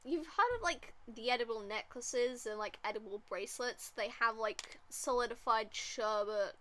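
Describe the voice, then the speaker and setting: This young woman streamer has a voice on the high side with a fairly bright tone, speaking at a moderate pace. She rambles and giggles through casual chat while playing a game, leaning heavily on fillers.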